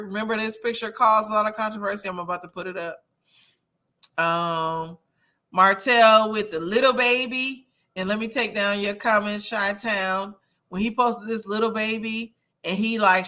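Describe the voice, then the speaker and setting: A woman's voice: medium pitch, pushed and bright. A woman hosting a casual livestream, chatting and gossiping as she reads viewer comments, a little tipsy and laughing often. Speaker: host of a reality-TV review livestream.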